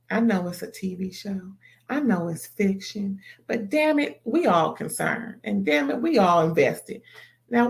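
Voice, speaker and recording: A woman giving an animated, emphatic recap of a TV episode, swearing and exclaiming as she reacts. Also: mid-range voice, creaky. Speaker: TV show reviewer. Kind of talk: casual recap and commentary.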